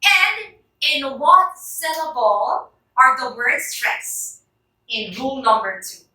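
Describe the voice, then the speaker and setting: A woman's voice: high voice, animated, slow, bright, forceful tone. A woman with a Filipino accent teaching a classroom lesson, encouraging her students and drilling words aloud with them. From Philippines. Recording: roomy echo, voice from far off.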